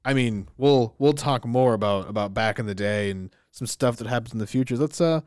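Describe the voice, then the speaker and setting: A man's voice: mid-range voice, brisk, a little mellow, no echo, clean studio sound. Jokey man co-hosting a podcast. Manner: jokey, laughs often. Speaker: podcast co-host. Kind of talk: casual chat.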